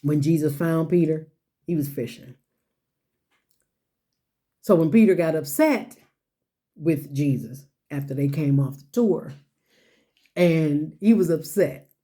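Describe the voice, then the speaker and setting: A woman's voice: low-pitched, takes it slowly, long pauses, mellow. A woman giving a motivational sermon-style talk, building on repeated rhetorical questions and folksy phrasing. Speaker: speaker.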